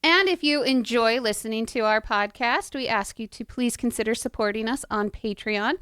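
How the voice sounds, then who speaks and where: A woman's voice: a little high, normal speed, fairly bright tone, clear, resonant tone, no echo, clean studio sound. A woman hosting a casual podcast chat, upbeat and welcoming as she introduces the episode. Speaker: podcast host.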